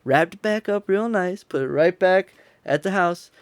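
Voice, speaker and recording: A man's voice: high voice, moderate pace, smooth, dry recording. A young man co-hosting a podcast, telling a rambling, profane story and laughing as he goes. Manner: profane, laughs a lot while telling stories. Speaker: podcast co-host. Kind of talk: casual storytelling.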